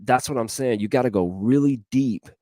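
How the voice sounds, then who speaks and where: A man's voice: mid-range voice, normal speed, warm tone, no echo, clean studio sound. A man giving a casual motivational talk as host, earnest and repetitive, full of rhetorical questions, speaking straight to his listeners in a folksy way. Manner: addresses listeners directly and folksily.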